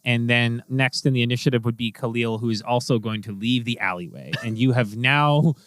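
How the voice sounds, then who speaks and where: A man's voice: mid-range voice, fairly quick, fairly bright tone, smooth, dry recording. A man narrating and explaining rules as game master in a casual tabletop game. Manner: casual, explanatory, laughs often.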